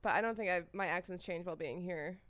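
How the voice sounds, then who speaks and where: A woman's voice: fairly low pitch, fast talker, fairly bright tone. An American woman with a light New York accent, a content creator chatting as a podcast guest and trading teasing quips. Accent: American, New York tinge. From United States. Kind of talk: casual podcast chat.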